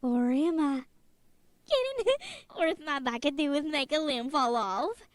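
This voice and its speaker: A woman's voice: sits high, sing-song, measured pace, no room sound. A woman voicing a mischievous female cartoon spider with a lisp who teases and scares the others for fun. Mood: teasing. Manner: playful, teasing, jumps out to scare. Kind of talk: video game character voice.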